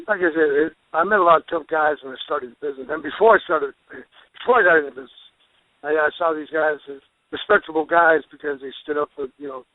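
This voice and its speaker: A man who is a pro wrestler, a guest telling rambling, animated stories with restarts and folksy exclamations. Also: a little high, dry recording. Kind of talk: storytelling interview. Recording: phone line, dry.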